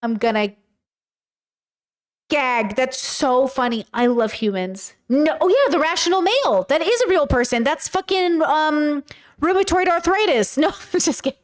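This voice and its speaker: Giggly higher-pitched woman streamer. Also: animated, normal speed. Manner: giggly, jokey, talks to chat. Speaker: streamer reacting to videos. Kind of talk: casual livestream chat.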